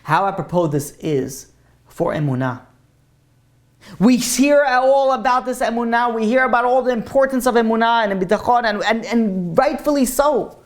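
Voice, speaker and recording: A man's voice: extremely high pitch, moderate pace. A man giving an informal Torah class as a rabbi, talking emphatically and repeating his point, with a loose, casual way of speaking full of "like.". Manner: emphatic, repetitive, casual with many "like" fillers.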